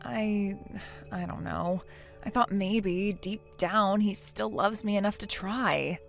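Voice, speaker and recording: A slow, creaky, mid-range synthetic female voice narrates a text story, over soft background music. It takes the role of a naive young wife who feels sorry for herself, pleading and hesitating.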